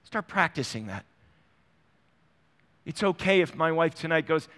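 A man's voice: on the high side, expressive, measured pace, long pauses, a bit bright. Conversational male pastor in a reverberant hall. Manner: conversational, acts out little dialogues. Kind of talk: sermon. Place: church sanctuary.

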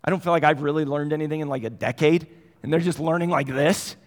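A middle-aged man preaching a sermon, telling stories conversationally and moving between quiet and animated passages. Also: fairly high pitch, fast. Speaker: pastor. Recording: long hall reverb.

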